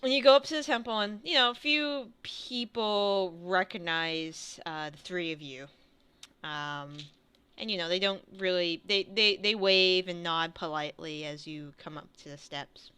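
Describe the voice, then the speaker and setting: Slow, bright-voiced woman game master. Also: lowish voice, clear, resonant tone. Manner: hesitant, many fillers and restarts. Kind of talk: narrating a tabletop game.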